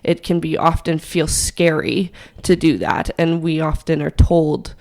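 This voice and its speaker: Hoarse young woman co-host, gravelly low voice, frank opinions. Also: measured pace, a little mellow. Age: young adult. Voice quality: raspy, gravelly. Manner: laughs often, frank and opinionated. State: hoarse from hay fever. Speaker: podcast co-host. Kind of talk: casual chat.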